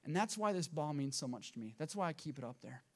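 A man's voice: a little high, lively intonation, fast, a little mellow. A middle-aged male pastor, preaching a sermon from a church sanctuary and telling a personal story with earnest, emphatic repetition.

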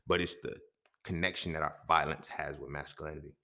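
Fast-talking, heated man telling a story. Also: very deep voice, flat delivery, noisy background. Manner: heated, profane street storytelling, swings loud and quiet. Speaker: podcast host. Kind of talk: storytelling monologue.

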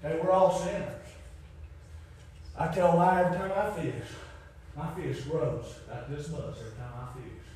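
A man preaching a fiery revival sermon, shouting at his peaks, then dropping low for emphasis, with folksy grammar. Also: normal speed, a little hiss or hum. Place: church. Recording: very echoey church hall.

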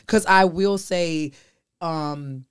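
A woman's voice: on the low side, extremely slow, clean tone. A woman hosting a casual group discussion, talking candidly and emphatically with conversational slang. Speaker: host.

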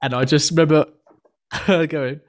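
A man's voice: mid-range voice, brisk. Young british podcast host, mid voice, tells stories and teases his mate. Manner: storytelling, teasing, chuckling. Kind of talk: casual banter.

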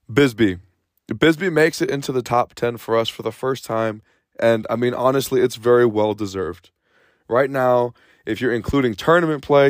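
A man's voice: medium pitch, no echo, studio quality. A man hosting a sports podcast, talking casually and energetically, a bit out of breath, rambling and restarting his sentences. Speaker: podcast host.

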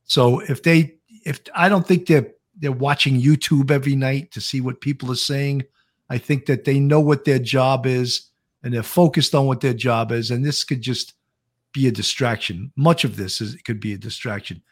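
A man, a retired police officer, co-hosting a live online show and giving measured, steady commentary. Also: medium pitch. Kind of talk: casual livestream commentary.

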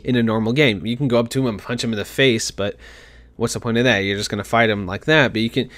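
Excitable man gushing over a game. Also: mid-range voice. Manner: excitable, gushing, talks fast with restarts. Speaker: gaming commentator. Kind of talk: reading a game article aloud with commentary.

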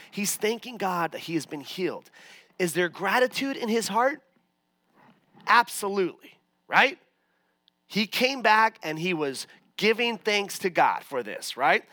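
A man's voice: a little high, pushed and bright, dry recording. A man, a pastor, preaching a sermon in a conversational, self-mocking way. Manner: conversational, self-mocking, many fillers and restarts.

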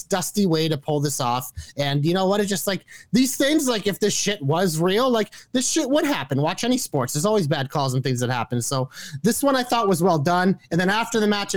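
Fast-talking profane man ranting. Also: high-pitched, dry recording. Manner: profane, argumentative, fast rants. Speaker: wrestling podcast co-host. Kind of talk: heated casual chat.

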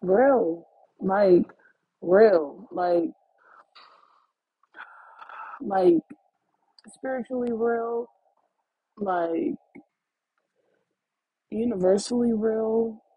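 Husky young woman rambling to her viewers. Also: on the high side, very slow, long pauses, narrow, tinny audio. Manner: animated, swearing, addresses listeners as y'all. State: stuffy with sniffles. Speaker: vlogger. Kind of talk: casual rambling monologue.

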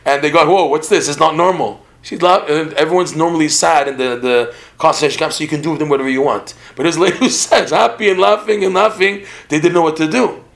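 A man's voice: on the high side, fast, vocal fry, hardly any pauses, fairly bright tone. A man giving a religious lecture in a podcast conversation, talking animatedly with frequent repeated words and laughs. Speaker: religious teacher.

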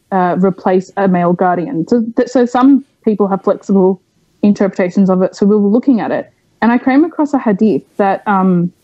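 A woman's voice: medium pitch, dark tone, no echo, dull audio. A young woman from Australia, a podcast guest, speaking frankly and at length in a candid interview, with many fillers.

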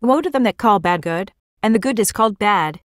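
A woman's voice: medium pitch, expressive, fairly quick, dry recording, clean studio sound. Woman solemnly narrating a prophetic vision.

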